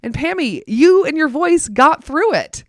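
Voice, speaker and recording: A woman's voice: high-pitched, sing-song, a little slow, dry recording, clean studio sound. A woman co-hosting a chatty podcast, upbeat and giggly as she quizzes her co-host. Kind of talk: casual podcast chat.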